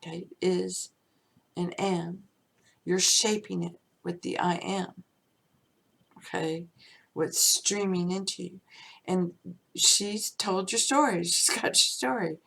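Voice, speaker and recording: Woman, spiritual teacher, slow unhurried delivery, gravelly fry, musing, slips into soft whispers. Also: lowish voice, steady tone.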